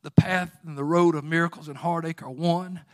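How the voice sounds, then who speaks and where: A man preaching a sermon, moving from quiet storytelling to loud, fervent exhortation with folksy phrasing. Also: a little high, fairly even intonation, brisk.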